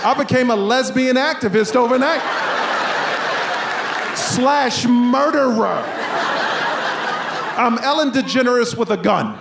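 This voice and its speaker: A middle-aged man doing a stand-up comedy set on a club stage, telling stories animatedly and yelling punchlines in character. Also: very high voice, animated, takes it slowly, gravelly, long pauses. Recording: live club with loud crowd noise. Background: audience laughter.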